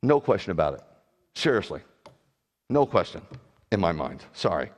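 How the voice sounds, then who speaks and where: A man's voice: deep voice, very animated, normal speed, big-room sound. A middle-aged man preaching a sermon as a rabbi, talking animatedly and putting direct questions to his congregation. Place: congregation hall.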